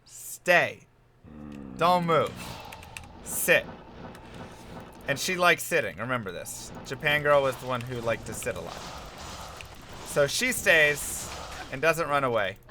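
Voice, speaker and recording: A man's voice: medium pitch, expressive, moderate pace, sharp tone, a little hiss or hum. A man telling a rambling, self-mocking story in casual chat while streaming a game.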